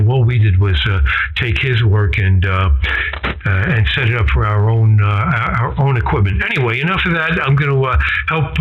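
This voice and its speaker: A man's voice: medium pitch, phone-quality sound. A man chatting cheerfully and at length as an amateur radio operator, heard through a radio transmission. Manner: rambling, cheerful. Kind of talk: casual ham radio chat.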